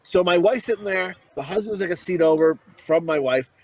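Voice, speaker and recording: A man co-hosting a podcast, telling crude stories with lots of swearing and acting out shouted quotes. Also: sits high, brisk, low-quality recording. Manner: profane, animated, acts out shouted quotes. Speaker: podcast co-host. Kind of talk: crude comedic storytelling.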